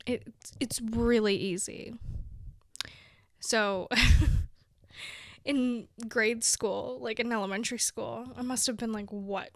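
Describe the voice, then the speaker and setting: A woman's voice: on the high side, lively intonation, measured pace, no echo. A young woman from Brazil chatting casually to her viewers, giggly and playful, often dropping into a whisper. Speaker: vlogger. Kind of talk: casual chat to camera.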